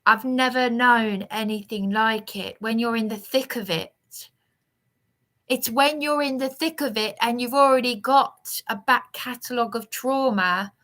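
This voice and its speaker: A woman's voice: on the high side, sharp tone. A woman giving a rambling, aggrieved vlog monologue with emphatic outbursts. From England. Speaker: vlogger.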